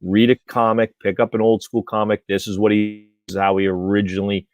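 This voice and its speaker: Low-voiced, excitable man. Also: dry recording. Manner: excited, halting, trails off and restarts words. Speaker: co-host of a toy news livestream. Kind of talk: casual chat.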